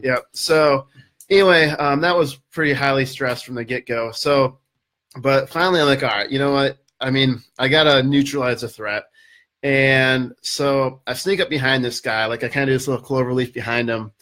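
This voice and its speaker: A man telling a story as a podcast guest, casual and animated, with lots of fillers. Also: medium pitch, normal speed.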